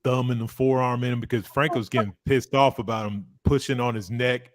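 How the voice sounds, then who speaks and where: A man talking boxing in a casual live watch-along, animated and profane, full of fillers. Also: mid-range voice, brisk, hardly any pauses, no room sound, clean studio sound. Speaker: boxing co-host.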